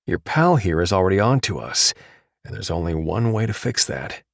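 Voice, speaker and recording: A man's voice: sits low, sing-song, moderate pace, no room sound, studio quality. A male narrator playing a menacing adult male criminal who speaks with a contemptuous sneer.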